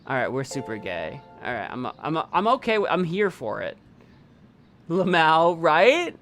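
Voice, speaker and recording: A man streaming a game, chatting excitably and breaking into loud, incredulous exclamations. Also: fairly high pitch, a little slow, soft background music. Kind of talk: let's play commentary.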